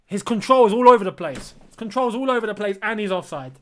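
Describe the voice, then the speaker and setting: A man's voice: high voice, lively intonation, quick pace, a little hiss or hum. Exasperated young man reacting to football. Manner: exasperated, incredulous, talks to viewers as lads. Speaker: football watchalong host. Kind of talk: live match reaction and commentary.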